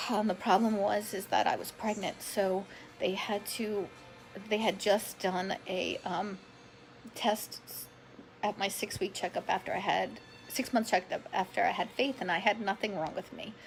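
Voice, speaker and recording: A woman's voice: medium pitch, fairly even intonation, unhurried, vocal fry, faint music behind, rough recording. A woman in her forties telling her personal story on a live stream, chatty and emotional, greeting viewers by name as she goes. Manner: emotional, self-described drama queen. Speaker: vlogger sharing her health story.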